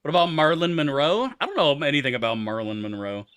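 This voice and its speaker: A man's voice: a little high, lively intonation, fast talker, fairly bright tone, clean tone. A man streaming a game, answering his chat in loose, profane, rambling banter. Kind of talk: casual livestream chat, answering chat.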